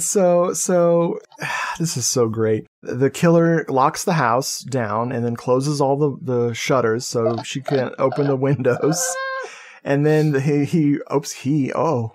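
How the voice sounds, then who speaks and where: A man's voice: medium pitch, a little slow, a little mellow. Male podcast co-host, casual film-review banter, jokey, laughs a lot.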